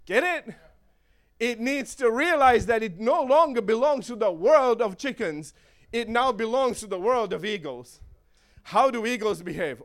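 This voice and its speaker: A man preaching a sermon in an animated way, with joking asides and chuckles. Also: extremely high pitch, a little slow.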